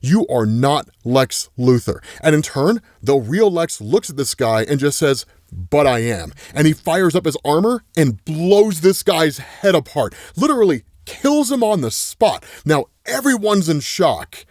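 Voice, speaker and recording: Rich: A man recapping a comic book story in casual commentary, his pitch swinging widely as he builds up each beat. His voice sits a bit above the usual range for a man. The sound is dry and close to the mic. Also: unhurried, hardly any pauses, dry recording. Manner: animated storytelling, frequent "right?" asides. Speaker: comics explainer host.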